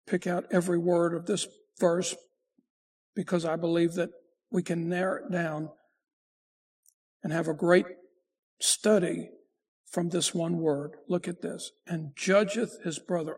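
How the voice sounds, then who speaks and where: Raspy high-voiced preaching pastor. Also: male voice, darkish tone. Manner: preaching with emphatic rises and slow drawn-out phrases. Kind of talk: sermon.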